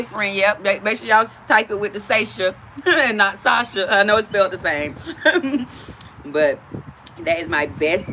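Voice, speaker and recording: A woman's voice: mid-range voice, bright, forceful tone, a little hiss or hum. A woman hosting a casual livestream from outdoors, chatting directly with her viewers. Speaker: livestream host.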